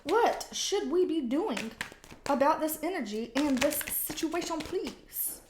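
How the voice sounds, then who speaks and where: A woman's voice: sits high, expressive, slow pace, background noise. A woman giving a casual tarot reading at home, talking bluntly with slang and plenty of swearing. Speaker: tarot reader. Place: home with a cat.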